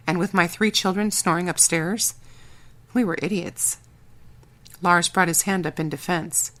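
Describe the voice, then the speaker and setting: A woman reading a first-person audiobook in a wry, brisk storytelling manner. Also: fairly low pitch, fairly bright tone. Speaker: audiobook narrator.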